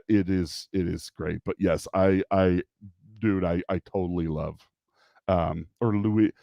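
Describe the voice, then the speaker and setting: A man's voice: lowish voice, a little mellow, no room sound. A man with kids hosting a casual livestream, rambling, restarting sentences and laughing often. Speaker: livestream host.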